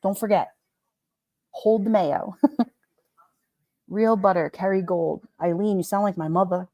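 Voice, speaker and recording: A woman's voice: mid-range voice, slow, dry recording. Chatty woman reading live comments. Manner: chatty and animated, laughs often, many "like"s. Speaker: livestream host.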